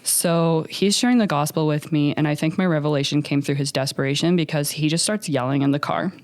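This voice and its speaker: A young adult woman, a podcast guest, telling her story in an animated, filler-heavy way and acting out what others said. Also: low voice, fairly quick, dry recording, studio quality. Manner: animated, many fillers, acts out others' lines. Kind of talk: storytelling in a conversational interview.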